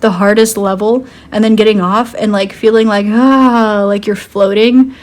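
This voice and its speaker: A tarot card reader, a woman with a medium-pitched, slightly mellow voice, gives a casual, intuitive reading at a normal speed with fairly even intonation. She rambles, fills her speech with "um" and "like," and giggles easily.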